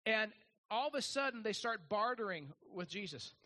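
A man's voice: high-pitched, lively intonation, normal speed, sharp tone. A man preaching a sermon, folksy and joking, with many restarts and fillers. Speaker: pastor.

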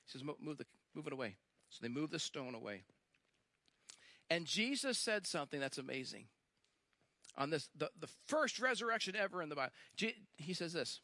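A man's voice: a little high, expressive, bright, forceful tone, no room sound. A male pastor preaching a sermon, telling a story with emphatic repetition and acting out the lines he quotes. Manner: emphatic, repeats phrases, slows for stress.

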